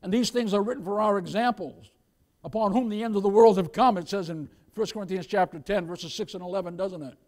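A man's voice: high-pitched, brisk, a little mellow. A man preaching a sermon as pastor, calling out to the congregation with rising, emphatic lines. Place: church.

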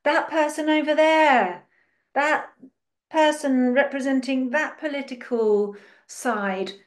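Animated woman teaching spirituality. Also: high voice, slow pace. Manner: dramatizes and acts out other people's voices; lots of rhetorical questions.

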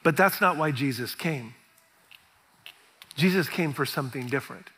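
A middle-aged man preaches in a lively storytelling style, acting out what people say. His voice sits high and bright, with a long reverb trailing from the church hall around him. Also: moderate pace, slightly rough. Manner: animated storytelling, acts out quoted reactions. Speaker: pastor. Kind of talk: sermon.

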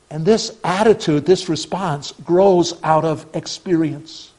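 High-voiced male pastor preaching earnestly. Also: rough recording. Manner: earnest preaching, swings from emphatic to hushed. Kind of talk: sermon.

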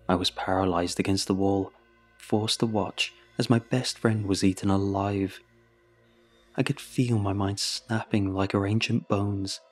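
A man narrating a horror story in a measured, steady way. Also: fairly low pitch. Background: faint music.

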